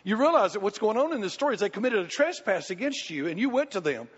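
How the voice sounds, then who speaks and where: A man's voice: sits high, fast talker, slightly rough. An older man, a pastor answering questions from his congregation and telling stories with acted-out voices. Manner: animated storytelling, acts out quoted voices. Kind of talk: church Q&A teaching. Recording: muffled hall recording.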